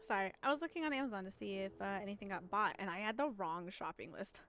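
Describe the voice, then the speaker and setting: A woman's voice: medium pitch, fast, a bit bright, faint music behind. A woman streamer chatting casually and rambling while she plays, often giggling. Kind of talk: casual chat while gaming.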